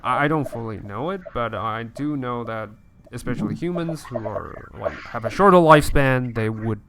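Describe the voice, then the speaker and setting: A man's voice: medium pitch, normal speed, background noise. A man playing a tabletop game, talking in hesitant, filler-heavy bursts. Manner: hesitant, many fillers, animated. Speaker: player. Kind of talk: tabletop role-play chat.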